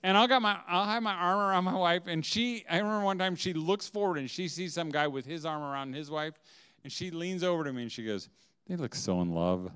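A man speaking to a room of mothers, telling humorous stories with lots of laughter and big swings in loudness. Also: sits high, brisk, clean tone. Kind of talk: humorous talk to a live audience. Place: room with an audience.

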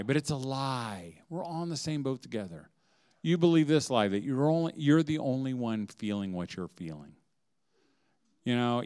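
Animated, smooth-voiced man telling funny stories. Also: mid-range voice. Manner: animated storytelling, laughs often, big swings in loudness. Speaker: speaker addressing mothers. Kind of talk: humorous talk to a live audience. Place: room with an audience.

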